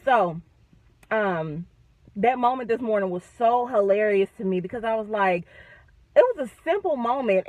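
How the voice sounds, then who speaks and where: A woman talks about her faith from inside a car, animated and chatty, laughing at herself. Her voice is mid-pitched, and the sound is dry and close. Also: no room sound, rough recording. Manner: animated, chatty, self-deprecating humor. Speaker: vlogger. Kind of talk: casual faith vlog.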